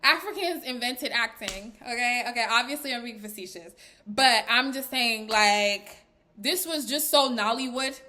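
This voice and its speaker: A woman giving a casual, chatty recap of a reality show, animated and full of fillers, often breaking into laughs. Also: on the high side, moderate pace. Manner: laughs while talking. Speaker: recap vlogger.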